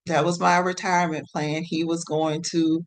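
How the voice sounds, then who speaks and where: A woman telling her own story as a podcast guest, swinging between hushed and excited and acting out her own past words. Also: deep voice, moderate pace. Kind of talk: personal storytelling in a podcast interview.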